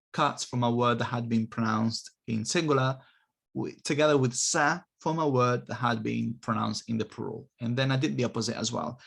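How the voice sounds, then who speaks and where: A man lectures on linguistics in a steady, methodical way and slows down to repeat example words so each sound can be heard. His voice is gravelly, with a husky edge. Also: mid-range voice. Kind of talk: recorded academic lecture. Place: university.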